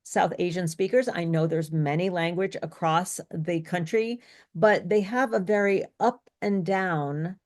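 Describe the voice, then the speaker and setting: A woman's voice: fairly low pitch, a little mellow. A woman teaching a live pronunciation lesson, explaining step by step and correcting herself as she thinks aloud. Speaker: speech coach.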